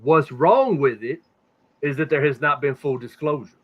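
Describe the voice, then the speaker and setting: A man with a fairly high voice, talking at a normal pace, hosts a lo-fi podcast full of casual conspiracy talk. His delivery is profane and meandering, with words repeated whenever he stalls, and the audio is dull.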